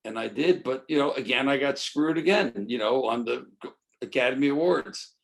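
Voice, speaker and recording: A man's voice: mid-range voice, normal speed, creaky. An older man, a guest in an interview, telling stories animatedly and acting out quoted dialogue. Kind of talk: storytelling interview.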